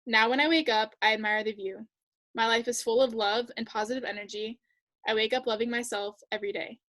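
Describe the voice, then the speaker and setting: A woman's voice: fairly high pitch, steady tone. Earnest teenage girl reading a tribute. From United States. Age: teens. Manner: earnest, measured reading with soft trailing endings. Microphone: video call.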